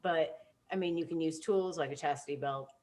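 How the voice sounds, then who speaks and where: A woman co-hosting a casual chat who laughs loudly and teases, then explains topics plainly. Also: low-pitched, a little fast, a little hiss or hum. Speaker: co-host.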